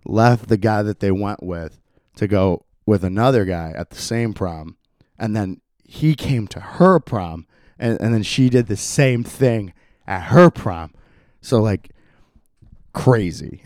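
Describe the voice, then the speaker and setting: Young man, podcast host, low voice, dry close mic, rambling, laughs a lot. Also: very animated, unhurried, darkish tone, no room sound. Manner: rambling, laid-back, laughs often, says "like" constantly. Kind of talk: solo casual podcast chat.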